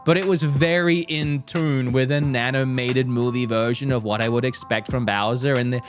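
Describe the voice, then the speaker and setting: A man's voice: mid-range voice, normal speed, faint music behind. A young man talking casually and energetically, reviewing a movie trailer for his stream, with some restarts. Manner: lively, animated, frequent restarts. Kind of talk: casual commentary.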